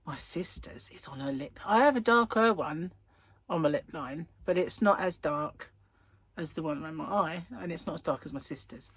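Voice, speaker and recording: A chatty woman rambles through her news, her voice swinging high and low as she acts out little exchanges. There's a husky edge to her tone, and the recording is dry and close. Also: no room sound. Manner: chatty, rambling, laughs often, acts out dialogue. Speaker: host of a crochet chat channel. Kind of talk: casual chat.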